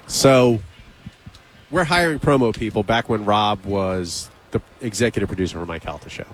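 A man hosting a radio show, telling a behind-the-scenes story in casual on-air chat, animated, acting out both sides of the conversation. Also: on the low side, normal speed. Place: radio studio.

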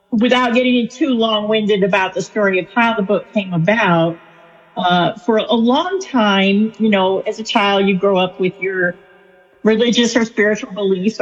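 A woman's voice: mid-range voice, a little slow. A woman author and spiritual counselor telling a story in an interview, chatty and full of fillers. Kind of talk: conversational interview answer. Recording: lo-fi with long reverb.

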